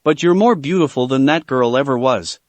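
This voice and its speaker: A man's voice: mid-range voice, moderate pace, no echo, natural voice. A man voicing a young goddess mother in a read-aloud fan fiction story, stern yet loving. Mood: gentle.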